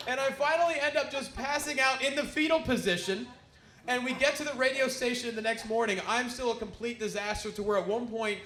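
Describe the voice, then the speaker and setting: A man's voice: very high voice, bright, forceful tone, a little hiss or hum. A man telling a loose, chatty stand-up comedy story, full of "like" and asides. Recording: echoey room.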